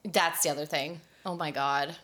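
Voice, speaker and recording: A woman's voice: deep voice, steady tone, normal speed, a bit bright. A woman co-hosting a podcast, chatting casually, swearing freely and acting out quoted voices. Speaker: podcast co-host. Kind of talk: casual chat.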